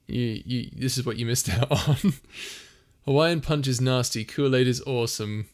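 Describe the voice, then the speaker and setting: Brief: young male streamer, playful casual chat, frequent laughs, mid-pitched voice. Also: normal speed, a little mellow. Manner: chatty and playful, laughs often. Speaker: streamer and audio creator. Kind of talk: casual live-stream chat, reading viewer comments.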